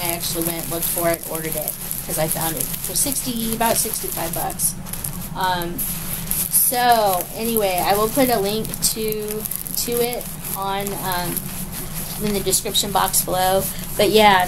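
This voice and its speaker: A woman chatting casually as she unboxes a craft kit at home late at night, gushing and rambling with many ums and apologies. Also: medium pitch. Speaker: crafting vlogger. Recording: noticeable background noise.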